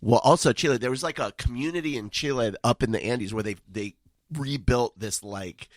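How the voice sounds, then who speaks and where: A man's voice: mid-range voice, normal speed, no echo, studio quality. A man from Arizona chatting casually on a podcast, rambling and restarting his sentences. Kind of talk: casual chat.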